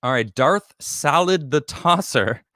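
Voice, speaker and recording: A man hosting a casual political talk show, reading viewer comments and joking in an animated, emphatic way. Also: on the high side, slow, no room sound, clean studio sound. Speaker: podcast host reading super chats.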